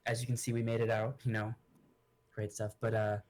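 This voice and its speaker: A man's voice: fairly low pitch, level tone, brisk, a little mellow, close to an everyday voice. A man voicing a grieving noblewoman adventurer who rambles and restarts her sentences. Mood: sorrowful. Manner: rambling and hesitant, with many restarts.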